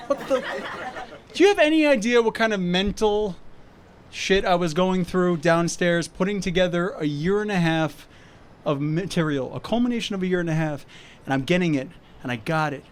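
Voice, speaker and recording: A man's voice: sits high, moderate pace, fairly bright tone, some chatter behind, slight background noise. A young man doing a stand-up set on an outdoor rooftop, wry and self-deprecating. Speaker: stand-up comedian.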